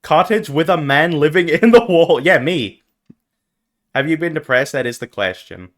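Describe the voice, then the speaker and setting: Lively young male streamer. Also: a little high, normal speed. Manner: animated, jumps from mumbled asides to loud yelps. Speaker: VTuber streamer. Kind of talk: casual live-stream chat.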